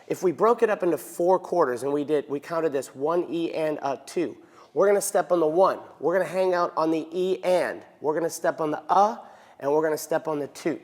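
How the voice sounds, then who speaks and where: A man's voice: fairly high pitch, normal speed. A male dance teacher giving an instructional lesson, counting beats aloud and checking in with frequent "right?". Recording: echoey hall reverb.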